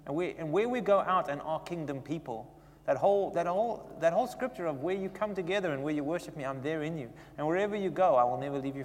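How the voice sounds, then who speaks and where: A man preaching a sermon in an animated, conversational way, often turning to ask the congregation questions. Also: on the high side. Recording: long echoey reverb of a hall.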